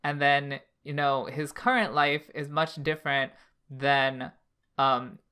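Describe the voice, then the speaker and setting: Podcast co-host, casual anime talk, bright smooth voice, lots of "like" and "um". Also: mid-range voice, slow pace. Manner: filler-heavy, thoughtful, hedging. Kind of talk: casual anime discussion chat.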